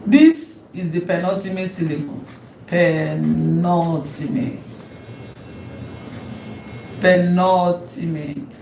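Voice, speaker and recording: A woman teaching a language lesson, repeating key terms slowly and emphatically. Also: medium pitch, a little mellow, a little hiss or hum. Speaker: Hebrew teacher. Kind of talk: classroom lecture. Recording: echoey room with faint ambience.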